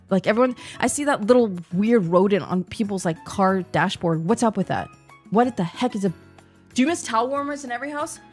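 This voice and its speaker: A woman streamer chats casually in slang. Her talk is animated and jumps from topic to topic. Faint music plays underneath. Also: medium pitch. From New Zealand. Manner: chatty, slangy, animated, jumpy. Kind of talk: casual chat.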